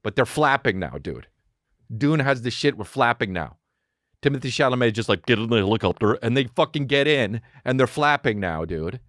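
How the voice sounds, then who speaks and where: A male podcast host rambles through a comic riff, excitable and profane, slipping into quick acted asides. His voice sits at an ordinary middle pitch. The sound is dry and close, with no room echo. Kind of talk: comedic rambling monologue.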